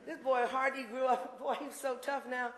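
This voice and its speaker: A woman's voice: high-pitched, level tone, a little fast. Woman in her sixties, speaker at a campus talk, blunt and fired up, rambles with asides, roomy hall sound. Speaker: invited speaker. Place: university lecture room.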